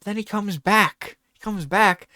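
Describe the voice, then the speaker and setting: A man's voice: high-pitched, unhurried, no echo, clean studio sound. A man hosting a talk show, telling a rambling comedic bit and acting out scenes. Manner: animated, rambling, acts out scenes.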